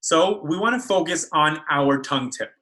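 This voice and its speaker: A man's voice: on the high side, moderate pace, pushed and bright, poor audio. A man speech therapist teaching children how to make speech sounds in a video lesson, carefully modeling each sound. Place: school.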